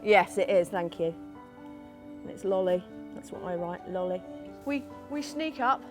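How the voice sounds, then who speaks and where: A woman's voice: on the low side, animated, measured pace, soft background music. A middle-aged English woman farmer talking casually and with feeling about her animals. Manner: chatty, emotional, talks softly to animals. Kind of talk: casual chat on a farm.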